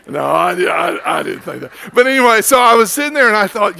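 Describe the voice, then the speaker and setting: A man's voice: high voice, big pitch swings, a little fast, vocal fry, bright, forceful tone. A man with an Oklahoma accent preaching a sermon as pastor, telling stories in a folksy, conversational way.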